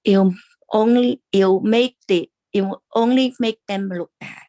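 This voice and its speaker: A woman teaching an online religious class, speaking in an earnest, gently instructive way with frequent restarts. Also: medium pitch, measured pace. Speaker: Dao study class teacher.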